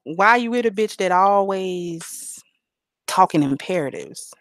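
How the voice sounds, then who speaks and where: A woman's voice: mid-range voice, lively intonation, unhurried, no room sound. A woman hosting a live stream, talking bluntly and profanely in a preachy, casual way. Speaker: livestream host.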